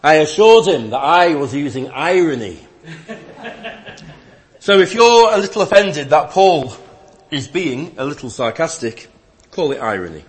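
A man preaching a sermon, reading scripture and explaining it with dry, wry humor and earnest emphasis. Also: on the high side. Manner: slow, deliberate delivery with lively rise and fall.

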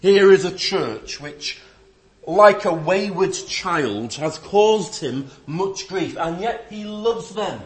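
A man preaching in a slow, deliberate way, his fairly high voice rising and falling with great animation. He mixes dry, wry humor with earnest emphasis as he reads and explains scripture. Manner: slow, deliberate delivery with lively rise and fall. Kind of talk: sermon with scripture reading.

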